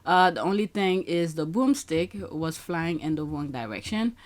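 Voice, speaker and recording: A woman's voice: sits low, expressive, moderate pace. A woman hosting her own channel, chatting casually about social media posts and laughing often as she talks to viewers. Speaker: channel host.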